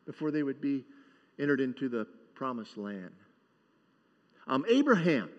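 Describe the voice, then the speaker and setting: A pastor with a fairly high voice delivers a sermon in a loose, joking, conversational way, sing-song and at normal speed, often asking the congregation to respond. The audio is dull and muffled, with a long reverb ringing around him like a large church.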